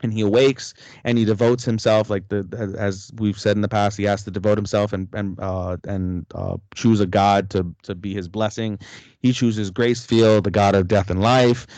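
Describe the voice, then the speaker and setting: A man's voice: fairly low pitch, fairly even intonation, moderate pace, a little mellow, dry recording. A young man co-hosting a podcast, rambling through an anime plot recap with lots of swearing and fillers. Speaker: podcast co-host. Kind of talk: casual anime review chat.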